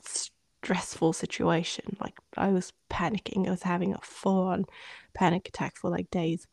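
A woman co-hosting a podcast, telling a personal story in a candid, rambling way and often dropping into a hushed voice. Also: fairly low pitch, level tone, normal speed, creaky, dry recording. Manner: candid, rambling, drops into hushed whispers when retelling. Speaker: podcast co-host. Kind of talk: casual storytelling chat.

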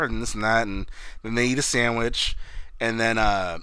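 A man's voice: medium pitch, normal speed, bright, forceful tone, smooth, no room sound. A man casually recapping a TV episode, rambling and swearing, laughing often and acting out the scenes. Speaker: podcast co-host.

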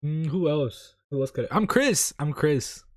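A man's voice: fairly high pitch, lively intonation, measured pace, no echo, studio quality. Laughing guy directing the fun. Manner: laughing often, bossing the impression game. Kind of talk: casual chat with friends.

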